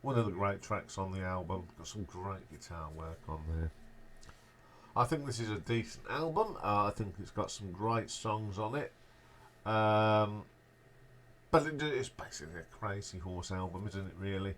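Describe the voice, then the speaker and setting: A man casually ranking albums as a show host, speaking in a relaxed, offhand way and trailing off at the ends of his remarks. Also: on the low side, normal speed, slight background noise. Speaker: music reviewer, show host.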